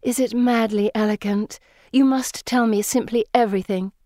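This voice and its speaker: Pippa: effusive teen girl, breathless and high, read by a woman narrator, dry studio sound. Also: fairly even intonation, normal speed, mellow, no room sound, close to an everyday voice. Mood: gushing. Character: gushing, wistful teenage girl spirit. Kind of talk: audiobook character voice.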